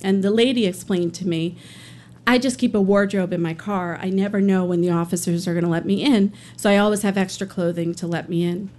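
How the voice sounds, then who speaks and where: A woman's voice: mid-range voice, steady tone, fairly quick, warm tone, a little hiss or hum. A woman telling a true personal story on stage, earnest and acting out the people she quotes.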